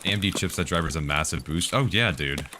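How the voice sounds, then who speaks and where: A man with a low voice talks fast against a noisy background as he casually streams a game. While playing, he chats and answers viewers' tech questions in live-stream commentary.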